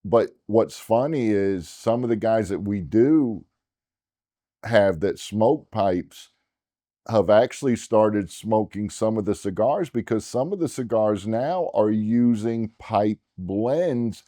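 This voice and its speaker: A man who owns a cigar lounge, giving measured, deliberate answers in a casual interview. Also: on the low side, mellow, dry recording, studio quality.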